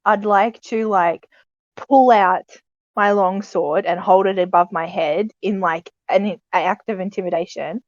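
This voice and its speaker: A woman's voice: mid-range voice, darkish tone, no echo, muffled recording. A woman playing a tabletop game, explaining her moves in a hesitant, rambling way. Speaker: player.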